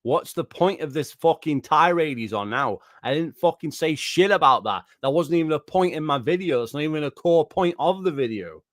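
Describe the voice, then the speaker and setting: A man's voice: fairly high pitch, expressive, normal speed, few pauses, dry recording, studio quality. A man, a gaming YouTuber ranting angrily and profanely, repeating himself as he reacts to a video. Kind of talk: angry reaction rant.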